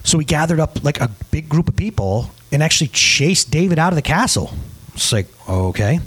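Male pastor, casual humorous sermon delivery, animated intonation. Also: a little high, a little fast, breathy edge. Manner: casual, joking, lively storytelling. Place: church service.

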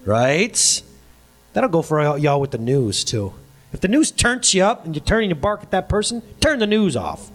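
A middle-aged man preaching a sermon as a pastor. He talks in an animated way, laughs often and acts out the voices of people he quotes. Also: fairly high pitch, moderate pace.

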